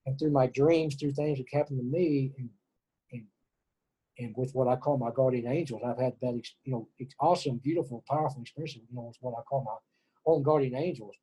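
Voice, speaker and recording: A man's voice: mid-range voice, fairly even intonation, a little fast, dark tone, slightly rough, poor audio. A middle-aged man from Texas, an interview guest speaking earnestly and emotionally about spirituality, often repeating words and restarting. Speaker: interview guest, former prisoner.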